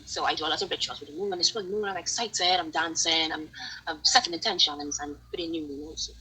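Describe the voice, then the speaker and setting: A woman hosting a casual interview, talking in a lively storytelling way full of "like" fillers. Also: sits low, fast, husky, poor audio. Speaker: podcast host.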